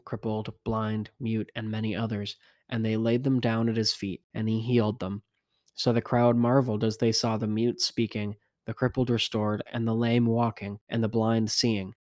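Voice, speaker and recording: A man narrating scripture in a measured, even, unhurried reading. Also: lowish voice, no room sound, studio quality. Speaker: scripture reader.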